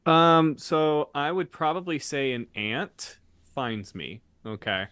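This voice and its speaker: Male co-host with a smooth tone, dry and close-miked, deadpan jokes. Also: a little high, takes it slowly, dry recording. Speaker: podcast co-host. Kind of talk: playful improvised podcast banter.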